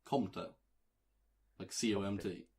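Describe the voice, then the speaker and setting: A man co-hosting a casual podcast and speaking in a hesitant, drawn-out way, often breaking into laughter. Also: lowish voice. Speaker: podcast co-host.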